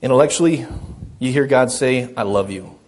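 A man's voice: mid-range voice, normal speed, a little mellow. A middle-aged man preaching a sermon as a pastor, earnest and self-deprecating, often repeating his phrases.

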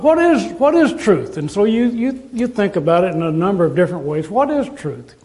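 High-voiced man preaching a sermon. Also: mellow, poor audio. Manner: earnest, lists scripture verses with slow emphatic quotes. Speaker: pastor.

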